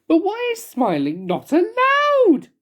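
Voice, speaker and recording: A woman voicing a cheerful, bossy little girl who talks brightly and briskly. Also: very high voice, huge pitch swings, muffled recording, pitched above the performer's own voice, exaggerated voice. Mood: cheery.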